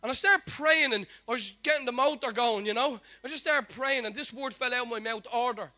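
A man's voice: very high-pitched, brisk, bright, forceful tone, soft background music. A man preaching a sermon, telling a testimony with fervent, repeated declarations.

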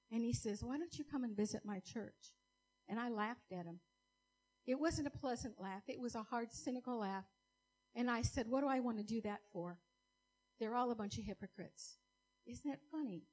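A woman's voice: on the high side, darkish tone, slightly rough, poor audio. A woman giving an earnest, emotional church testimony, speaking directly to a congregation.

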